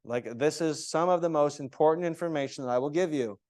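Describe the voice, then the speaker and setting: A man's voice: fairly high pitch, moderate pace. Emphatic male yoga teacher trainer. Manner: animated, emphatic, checks in with "okay?".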